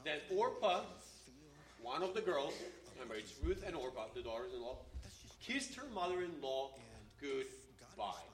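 A man's voice: medium pitch, sing-song, normal speed. Guy teaching a bible lesson, casual, keeps asking "okay?", kinda far off the mic. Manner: explains step by step, checks in with "okay?" and "right?". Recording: roomy, speaker away from the mic.

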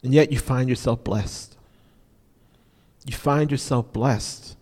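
Slow and a little mellow, a man's mid-range voice works through an informal sermon. He repeats important phrases to drive them home and keeps saying "you know," all echoing in the long reverb of a large hall.

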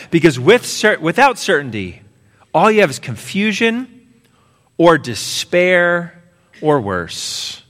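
A male pastor preaching with a high, emphatic voice. His words ring out with the long reverb of a big sanctuary. He drives each point home with urgent repetition. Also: a bit bright. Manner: emphatic preaching, voices the boy and mom in a story. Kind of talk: sermon. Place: church sanctuary. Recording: long reverb of a large hall.

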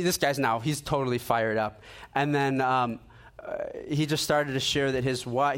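A man preaching a sermon in an earnest, conversational way, acting out the dialogue in his personal stories. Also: mid-range voice. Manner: animated storytelling, acting out dialogue.

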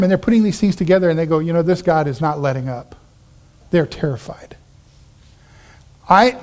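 A man pastor preaching a sermon, animated, acting out the Bible characters in quick asides. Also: sits high.

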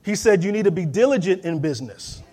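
A man's voice: sits high, animated, fast talker, warm tone. A man preaching a sermon, emphatic and conversational, calling on the congregation to respond and acting out quoted voices. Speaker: pastor.

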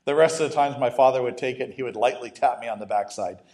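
A man's voice: mid-range voice, fast talker, darkish tone. A man preaching a sermon as a pastor, conversational, breaking off into humorous asides and restarts.

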